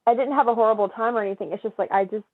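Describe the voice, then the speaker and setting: A woman's voice: on the high side, racing, no echo. Female guest, chatty and bubbly, thin phone-line sound, dry. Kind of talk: casual chat. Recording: tinny phone-like call audio.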